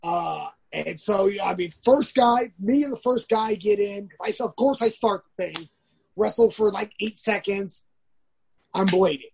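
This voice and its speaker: Gravelly, very husky male storyteller. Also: sits high, unhurried. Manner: rambling, many restarts, acts out quotes. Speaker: guest, professional wrestler. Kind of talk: casual storytelling.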